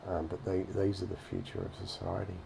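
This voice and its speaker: Gravelly low-voiced man, sarcastic commentary. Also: little pitch movement, fast, noisy background. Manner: sarcastic, swears freely, mocking asides. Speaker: reaction commentator. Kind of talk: casual profane commentary over a video.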